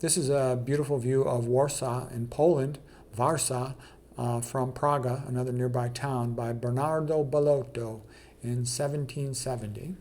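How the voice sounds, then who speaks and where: A man's voice: medium pitch, steady tone, normal speed, warm tone. A man walks through a slideshow of paintings in a loose, conversational way. He speaks bluntly and with emphasis, often saying "okay" and "you know" as he moves on. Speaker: presenter of an art slideshow. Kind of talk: casual commentary on a slideshow.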